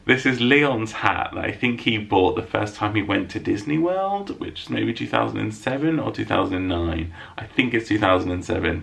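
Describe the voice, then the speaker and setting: A man's voice: on the low side, gravelly, pushed and bright. A man talking casually to camera at home, answering viewer questions in a jokey, self-mocking way. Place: room at home lit by a window.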